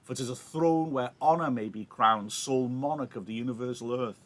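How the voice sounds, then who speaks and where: A male teacher reading the lines of a passionate, grief-torn young woman, declaiming verse with loud drama. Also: mid-range voice, brisk, natural voice. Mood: defiant. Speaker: teacher reading a play aloud.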